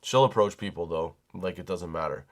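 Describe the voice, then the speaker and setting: A man's voice: low-pitched, a little fast. A middle-aged man hosting a comedy podcast, telling stories in a loose, profane rant, laughing at his own jokes and acting out the people he quotes. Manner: acts out quoted people in raised voices. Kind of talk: casual comedic storytelling monologue.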